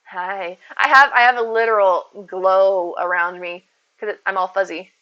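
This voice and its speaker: Streaming from home, a woman with a mid-range voice chats upbeat and casual with her viewers at a moderate pace, thanking them as she plays. Her tone stays steady, and the stream audio is dull and lo-fi.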